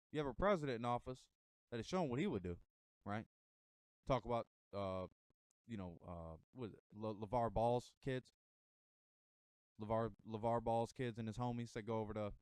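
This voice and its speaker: A man's voice: medium pitch, no room sound. An American man giving a casual motivational monologue to camera, emphatic and a bit rambling. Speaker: vlogger giving motivational talk.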